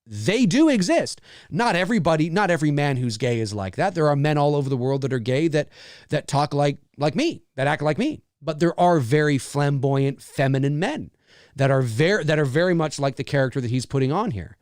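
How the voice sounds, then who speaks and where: A man's voice: on the high side, animated, a little fast, dry recording, studio quality. A middle-aged man hosting a casual live movie commentary, chatty and laughing often as he talks over the film.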